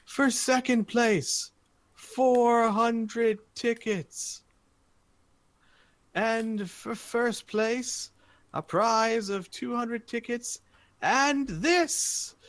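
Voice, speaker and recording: A man voicing a showy male arena announcer who calls out to a crowd in a drawn-out, grand way. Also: extremely high pitch, fairly bright tone, no room sound, voice pushed up, full character voice.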